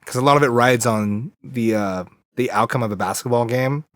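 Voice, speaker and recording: A man's voice: medium pitch, moderate pace, no echo. Give me a laid-back man from Southern California, slangy and enthusiastic, recorded close and dry. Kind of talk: casual podcast chat.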